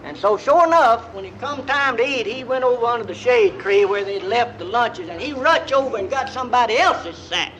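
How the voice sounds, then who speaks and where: A man's voice: very high voice, expressive, normal speed, hardly any pauses, a bit bright. A middle-aged man with an East Texas accent telling folksy comic yarns, drawling and slipping into the voices of the people in his stories. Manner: drawling folksy yarn-spinner, slips into quoted voices. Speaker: storytelling comedian. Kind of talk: live comic storytelling.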